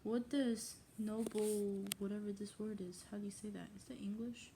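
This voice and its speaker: Female vlogger, mellow tone, doing a playful mock English accent while reading, halting and self-questioning. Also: mid-range voice, a little hiss or hum. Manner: stumbles over old words, stops to question pronunciation. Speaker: vlogger reading a novel aloud. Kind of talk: casual read-aloud with asides.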